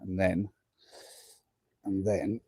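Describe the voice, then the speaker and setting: Gravelly-voiced man camping outdoors at night. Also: low-pitched, flat delivery, very slow, a little mellow, no room sound. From England. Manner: chatty, self-deprecating, talks through tasks. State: huffing from exertion. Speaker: camping vlogger. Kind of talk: live-streamed outdoor vlog.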